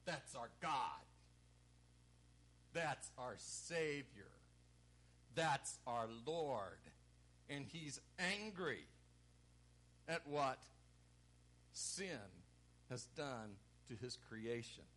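A man preaching a sermon, acting out the quoted lines with sudden loud, emphatic bursts. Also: medium pitch, sing-song, very slow, long pauses. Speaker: pastor.

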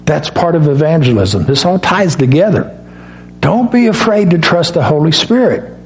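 A middle-aged man preaching a sermon in a folksy, storytelling way, acting out dialogue and rising in pitch on key points. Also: animated, moderate pace, soft background music. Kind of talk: sermon with personal stories.

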